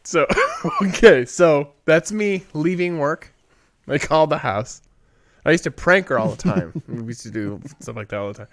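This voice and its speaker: Here a man hosting a podcast chats casually and spins stories, cursing freely and laughing often. He sounds animated, with a slightly high, fairly bright voice at a normal pace. The audio is studio quality with no room sound at all.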